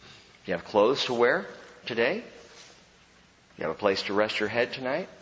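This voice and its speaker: A man preaching a sermon as pastor, animated and emphatic with humorous asides. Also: medium pitch, normal speed. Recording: dull sound with long hall reverb.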